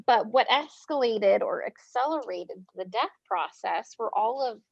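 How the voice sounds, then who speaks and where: An American woman, a nurse, talks casually in an interview and tells lively stories, acting out quoted dialogue with plenty of fillers. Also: a little high, unhurried, creaky, slightly rough, no room sound. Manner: animated, acts out quoted dialogue; casual speech with frequent fillers. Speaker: front line nurse, interview guest. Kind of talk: conversational interview storytelling. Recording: dull lo-fi sound, dry room.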